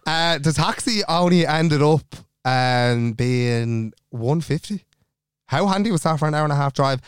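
A young Irish man with a Dublin accent, co-hosting a podcast and retelling a travel mishap in a rapid, animated way, quoting everyone and swearing freely. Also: a little high, clean tone, no echo, clean studio sound. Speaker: podcast co-host. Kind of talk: casual storytelling chat.

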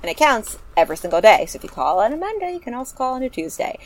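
A woman hosting a casual podcast chat, animated and joking as she urges listeners to act. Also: a little high, very fast, no room sound. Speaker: podcast host.

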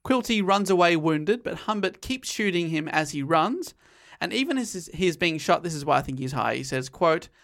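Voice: medium pitch, lively intonation, normal speed, vocal fry, hardly any pauses, fairly bright tone. A podcast host casually recapping a novel's plot and reading out quotes, often laughing. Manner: recounts the plot with laughter, quoting passages. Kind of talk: casual chat and story recap.

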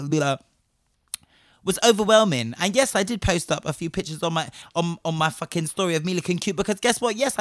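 A man's voice: on the high side, fairly bright tone, no echo, studio quality. A young adult man giving an impassioned personal rant, swearing a lot and speeding up in bursts.

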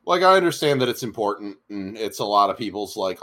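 A man's voice: on the low side, big pitch swings, quick pace, few pauses, pushed and bright, slight background noise. A man co-hosting a podcast in loose, rambling casual chat, often repeating words as he restarts. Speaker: podcast co-host.

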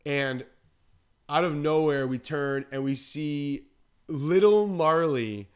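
A man's voice: on the high side, slow, smooth. A man, a podcast co-host, telling a childhood story in casual talk and animatedly acting out the voices of others. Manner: animated, acts out quoted voices.

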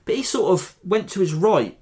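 A man's voice: sits high, normal speed. Rambling male fight-podcast host. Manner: rambling, animated, self-deprecating. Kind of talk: casual fight analysis.

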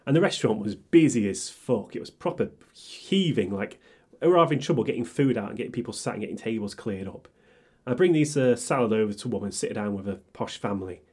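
Brief: young man, podcast co-host, slightly husky, lively sweary anecdotes. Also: lowish voice, quick pace. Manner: animated, swears freely, acts out quotes. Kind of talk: casual storytelling chat.

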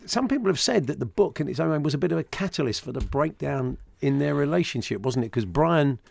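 A male radio sports host with a gravelly, slightly rough voice talks in a relaxed, rambling way, dotting his sentences with fillers. The studio sound is dry and close, with no room echo. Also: fairly high pitch, fast. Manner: relaxed, chatty, frequent fillers. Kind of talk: casual radio chat. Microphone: studio microphone.

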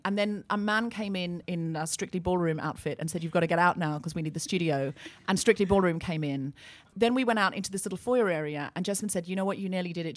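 A woman co-hosting a comedy podcast, telling a long story to a live audience and acting out the voices of people she quotes. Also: on the low side. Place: small live venue with audience.

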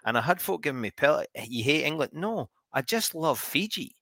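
A man's voice: fairly high pitch, sing-song, moderate pace, creaky, a bit bright, no echo. A Scottish man hosting a rugby chat show, asking questions in a friendly, chatty way. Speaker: podcast host. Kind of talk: casual chat.

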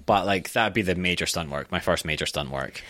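A man's voice: low voice, a little fast, pushed and bright, dry recording. A young man from Scotland, a guest on a podcast, chatting casually and joking at his own expense, with plenty of swearing. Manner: joking, self-deprecating, sweary. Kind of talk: casual chat.

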